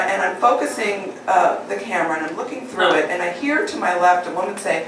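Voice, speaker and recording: A woman telling a personal story on stage, animated and laughing through it. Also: medium pitch, brisk, few pauses. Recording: echoey live hall, distant, noisy.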